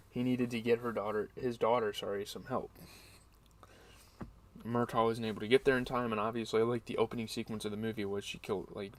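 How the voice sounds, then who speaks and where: A man's voice: lowish voice, recorded from a distance. A young man hosting a casual movie review, rambling and correcting himself as he thinks aloud.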